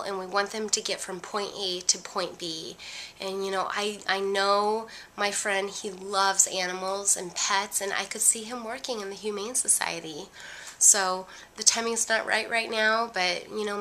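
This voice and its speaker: A middle-aged woman vlogging casually about her family and ministry, rambling with many pauses and fillers. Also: medium pitch, pushed and bright, a little hiss or hum. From USA. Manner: rambling, lots of ums, gets emotional. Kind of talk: casual heartfelt talk to camera.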